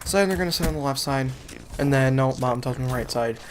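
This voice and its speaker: A man's voice: mid-range voice, brisk, a little hiss or hum. A young man casually telling a rambling, exasperated story on his vlog, often laughing as he goes. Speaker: gaming channel vlogger.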